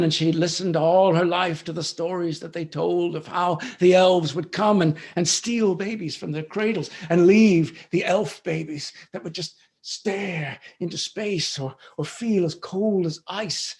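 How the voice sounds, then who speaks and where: A man storyteller performing a folk tale with slow, rhythmic repetition, sometimes dropping to a whisper. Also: high-pitched, fairly even intonation, darkish tone. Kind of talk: dramatic oral storytelling.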